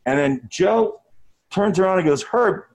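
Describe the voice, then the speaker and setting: A middle-aged man tells a rambling tour story in front of a room. His voice sits a little high and swoops up and down with animation. He swears freely and laughs through his own anecdote. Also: animated, unhurried. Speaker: musician telling a tour story.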